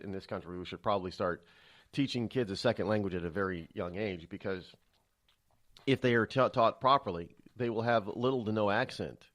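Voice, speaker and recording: A man hosting a talk radio show, giving solo political commentary in a rambling, indignant way, often repeating and restarting words. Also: on the low side. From United States.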